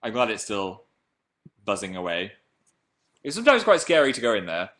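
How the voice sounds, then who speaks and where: A man casually chatting on a livestream and reading viewer comments. He rambles and jokes, and his pitch and volume jump suddenly when he gets excited. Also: normal speed. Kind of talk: casual chat.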